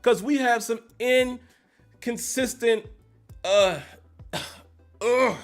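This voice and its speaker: A man hosting a live-streamed football recap, animated and emphatic, repeating phrases to drive his points home. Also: very high-pitched, very slow, soft background music. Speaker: sports commentary host.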